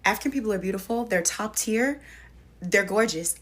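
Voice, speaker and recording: A woman chatting to camera in an animated, playful way, acting out what people say to her. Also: medium pitch, normal speed. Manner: animated, playful, acts out quotes. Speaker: social media commentator. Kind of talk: casual chat to camera.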